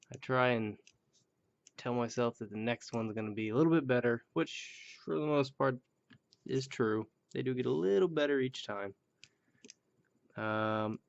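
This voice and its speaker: Gravelly man rambling through a toy review. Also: mid-range voice. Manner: loose, joking and self-deprecating, with muttered asides. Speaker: toy collector reviewing action figures. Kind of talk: casual rambling video review. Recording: dull lo-fi home video sound.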